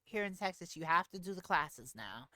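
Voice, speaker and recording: A woman streamer telling a story to her live chat in a casual, animated way, laughing often. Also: fairly low pitch, normal speed, no room sound, studio quality.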